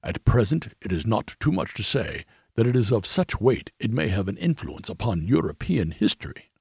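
Audiobook: male narrator voicing a haughty disguised king, raspy low and stately. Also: sing-song, moderate pace, no room sound, clean studio sound, exaggerated voice. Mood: commanding. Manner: stately, forceful formal speech. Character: commanding disguised male king, proud, agitated.

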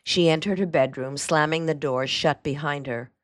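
Woman host, measured storytelling, low pitch, dry close sound. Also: dry recording. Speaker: host and reader. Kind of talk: reading a novel aloud.

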